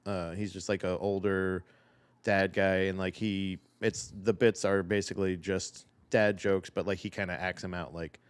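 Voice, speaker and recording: A man's voice: sits low, moderate pace, clean tone. A young man co-hosting a podcast, telling stories animatedly, acting out quotes, and swearing casually. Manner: animated storyteller, acts out quotes, profane. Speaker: podcast co-host. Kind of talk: casual chat.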